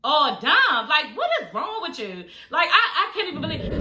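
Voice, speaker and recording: A woman chats through a reality show recap from home, slangy and animated, laughing as she goes. Her voice sits a little high and sounds sharp and bright. New dental aligners slur her speech slightly, and a roomy echo hangs around her. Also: normal speed, few pauses, a little hiss or hum. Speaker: reality TV review vlogger. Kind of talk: casual recap chat.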